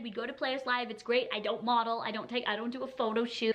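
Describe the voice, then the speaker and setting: A young woman from Canada, telling a story to camera in a chatty, animated way and acting out what people said. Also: on the high side, fast. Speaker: vlogger. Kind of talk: storytime vlog.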